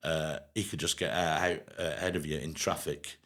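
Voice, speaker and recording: A man's voice: very deep voice, steady tone, brisk, a bit bright. A man from the North West of England co-hosting a casual pub-style podcast, chatty, laughing easily and restarting his sentences. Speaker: podcast co-host.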